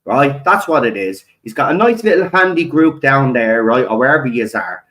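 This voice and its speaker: An animated, medium-pitched Irish man vents on camera for his channel at normal speed, his voice a bit bright over a rough recording. The monologue is angry and full of profanity, with "right?" tagged onto line after line.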